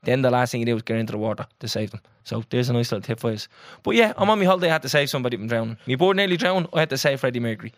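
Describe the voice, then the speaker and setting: A man's voice: mid-range voice, animated, very fast, few pauses, no room sound. Young irish guy rattling through a story, swears a lot, dry close sound. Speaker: podcast co-host. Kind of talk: casual chat.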